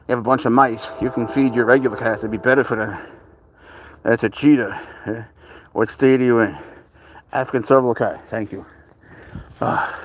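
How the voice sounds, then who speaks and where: On a low-quality recording, a medium-pitched man chats through a relaxed live stream, answering viewers' questions with a chuckle as he walks outdoors alongside his pet serval cat.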